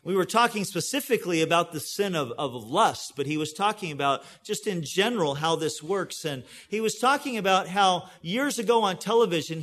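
A middle-aged man preaching a sermon, earnest, often dropping low and soft on key phrases. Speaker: pastor.

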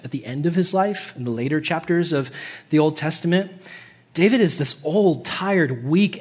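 Animated young male preacher. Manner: casual and animated, laughs often, acts out quotes in high voices. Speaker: pastor. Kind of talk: sermon. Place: church hall.

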